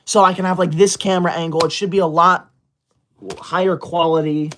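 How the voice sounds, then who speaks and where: A woman with a fairly low, fairly bright voice speaks a little fast with fairly even intonation, and a little hiss or hum is audible. She's in a casual home livestream on a laptop setup, indignantly scolding as she reads viewer comments aloud.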